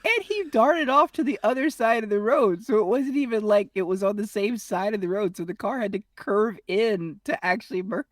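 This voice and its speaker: A man's voice: high-pitched, fairly quick, few pauses, dry recording, studio quality. Sarcastic, giggly male podcast co-host. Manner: sarcastic, laughing, exasperated. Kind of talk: casual recap chat.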